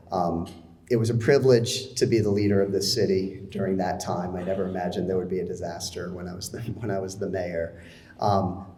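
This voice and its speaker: A man's voice: low-pitched, darkish tone, slight background noise. A man, a former mayor, giving an earnest public speech to a room of people, with some restarts. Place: event room with an audience.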